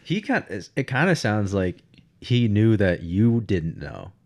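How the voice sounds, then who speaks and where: Deep-voiced man chatting with a guest. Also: very animated, slow, darkish tone. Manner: reacts with short remarks and laughs. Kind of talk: casual chat.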